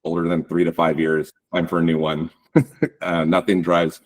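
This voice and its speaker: A man giving a casual webinar talk on real estate branding, relaxed and loose with lots of ums and likes. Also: low-pitched, normal speed. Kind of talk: webinar presentation.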